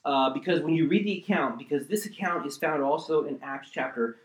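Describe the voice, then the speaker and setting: A man preaching a sermon and teaching from the Bible, swinging between loud emphatic bursts and quiet asides and often checking in with his listeners. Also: a little high, a little fast. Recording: roomy echo.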